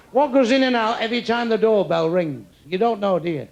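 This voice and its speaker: An older stand-up comedian does crowd work with crude insults and rapid one-liners, animated in a gravelly voice that sits high for a man. The live club recording is heavy with room noise and audience laughter, and its highs are cut off.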